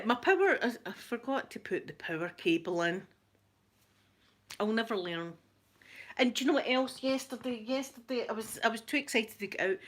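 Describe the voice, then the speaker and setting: A woman's voice: a little high, a bit bright. Chatty self-mocking Scottish woman. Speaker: ASMR vlogger. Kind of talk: casual chat to viewers. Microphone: laptop.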